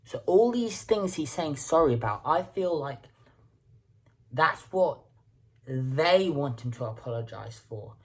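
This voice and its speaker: Brief: very low husky woman, reaction host, halting thinking-aloud delivery. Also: lively intonation. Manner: halting, repeats words while thinking aloud. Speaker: music reaction video host. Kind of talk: casual reaction commentary.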